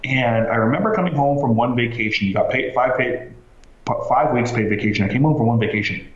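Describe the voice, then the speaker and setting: A man telling his story as a podcast guest, animated, with lots of fillers and restarts. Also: mid-range voice, a little fast. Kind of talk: casual storytelling interview. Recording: roomy, slightly dull sound.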